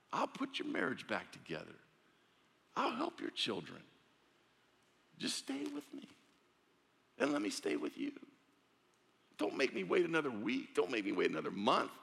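A man voicing God as a tender figure pleading for closeness, in a soft, coaxing way. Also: on the low side, gravelly, long reverb tail, heavily acted.

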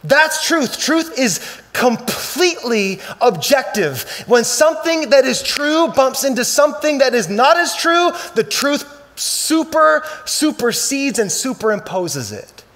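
A male pastor preaching a sermon, swinging from loud emphatic bursts to quiet, slow scripture reading. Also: very high voice, very animated.

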